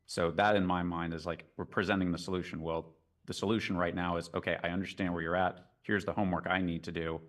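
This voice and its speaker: A man explaining his view of a sales role play in a casual, measured way over a video call. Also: low-pitched, a bit bright. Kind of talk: casual discussion.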